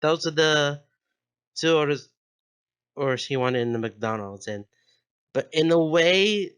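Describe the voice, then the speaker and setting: A man's voice: a little high, a little slow, a bit bright, clear, resonant tone. A young man hosting his own channel, chatting casually, giggling often and drifting into tangents. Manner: giggly, goes off on tangents, corrects himself. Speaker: channel host. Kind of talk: casual rambling commentary.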